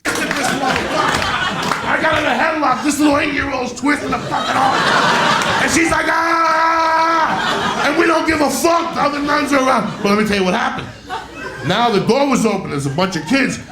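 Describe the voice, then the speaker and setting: A man telling a profane stand-up story with a New Jersey accent, bursting into shouts. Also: very high voice, moderate pace, a loud crowd. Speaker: stand-up comedian.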